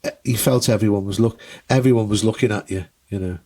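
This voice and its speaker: A man on a casual podcast, telling animated stories and acting out the people in them, with a free hand for swearing. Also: lowish voice, quick pace. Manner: animated storyteller who acts out the people in his stories, swears freely. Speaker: guest comedian and musician.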